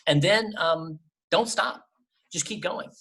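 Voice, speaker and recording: A middle-aged man, a voice actor, giving emphatic, lively advice in a casual interview over a travel microphone. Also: high voice, takes it slowly. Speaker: voice actor guest. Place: temporary remote setup away from home.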